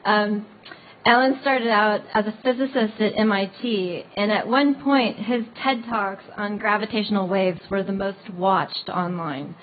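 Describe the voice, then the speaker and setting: A woman's voice: medium pitch, measured pace, a little hiss or hum. A woman moderating a panel, lightly amused as she reads speaker introductions. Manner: light, amused, reading bios. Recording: tinny phone-like line.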